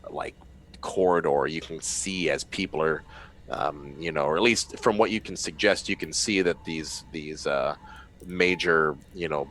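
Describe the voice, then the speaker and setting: A man running a tabletop game as game master, narrating loosely with pauses. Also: very deep voice, a bit bright, slight background noise, rough recording. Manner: loose, searching narration with fillers.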